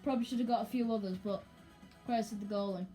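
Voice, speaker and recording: A woman commentating casually and excitably on her own football video game as she plays. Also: medium pitch, fast, soft background music. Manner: chatty and excitable, talking to herself over gameplay. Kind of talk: let's play commentary.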